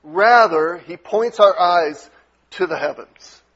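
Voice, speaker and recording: A male pastor delivering a conversational sermon, dropping to a soft, gentle tone when he voices reassuring words. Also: high voice, takes it slowly, dull audio. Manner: conversational preaching with soft quoted asides.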